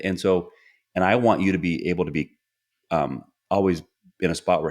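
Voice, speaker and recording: A man's voice: low-pitched, a little fast. A middle-aged man hosting a podcast, talking earnestly in casual conversation and acting out bits of dialogue as he tells stories. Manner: earnest, storytelling, acts out quoted dialogue. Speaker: podcast host.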